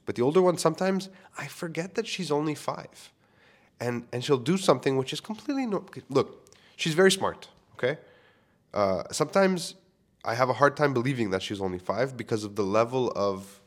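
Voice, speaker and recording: A man in his thirties hosting a solo podcast, talking in a candid, rambling, self-questioning way and swearing casually. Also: lowish voice. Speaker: podcast host.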